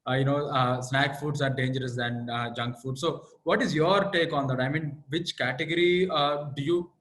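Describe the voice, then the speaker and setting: A man's voice: fairly high pitch, steady tone, normal speed, fairly bright tone, rough recording. A man with an Indian English accent hosting a Q&A, reading audience questions and hesitating often with fillers. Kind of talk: live Q&A moderation.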